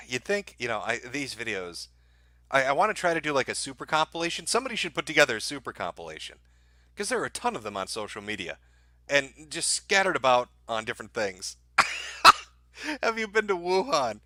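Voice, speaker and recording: A man's voice: mid-range voice, big pitch swings, brisk, sharp tone, no echo, clean studio sound. A man hosting a livestream, reacting to videos with crude, laughing, riled-up commentary. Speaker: livestream host.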